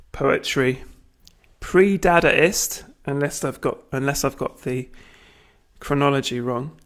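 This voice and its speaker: British guy reading a manifesto out loud, unhurried, wry little side comments. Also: mid-range voice, clean tone. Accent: British English. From Britain. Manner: slow, deliberate, wry asides and self-corrections. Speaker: reader of a manifesto. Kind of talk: unscripted reading aloud with asides.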